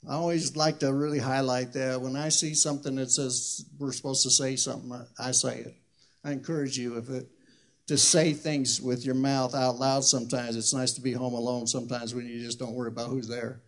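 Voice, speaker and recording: An older man in his sixties preaching as a pastor, reading scripture slowly and loudly, then talking fast and conversational. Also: mid-range voice, flat delivery. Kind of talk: sermon.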